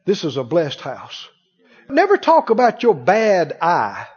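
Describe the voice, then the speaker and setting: A man preaching from the pulpit in a high, husky voice that leaps up and down in pitch. He drives his points hard, then drops to a near hush. The recording is dull and carries a long church-hall echo. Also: huge pitch swings, unhurried. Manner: emphatic preacher, swings from loud to hushed. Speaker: pastor. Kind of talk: sermon. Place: church sanctuary.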